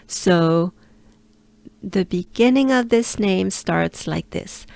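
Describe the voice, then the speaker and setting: A French woman with a French accent teaching pronunciation, repeating sounds to demonstrate and sometimes dropping into a breathy near-whisper to explain. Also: medium pitch, takes it slowly, darkish tone, dry recording. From France. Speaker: pronunciation coach. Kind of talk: pronunciation lesson.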